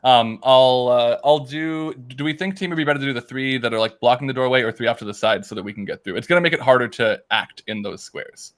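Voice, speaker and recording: A man's voice: medium pitch, quick pace, few pauses, a bit bright. A man playing a tabletop game, talking through his turn with a lot of hesitation. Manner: hesitant, lots of ums while deciding. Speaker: player. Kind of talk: casual tabletop game talk.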